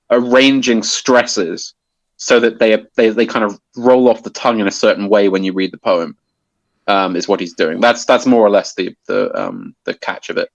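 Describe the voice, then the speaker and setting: A man talks through a subject in a relaxed, conversational way, often stalling and restarting his sentences. His voice sits fairly low, and the recording is dry and close. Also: no echo, poor audio. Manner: hesitant, many restarts and fillers. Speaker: guest explaining poetry. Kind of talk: casual explanatory conversation.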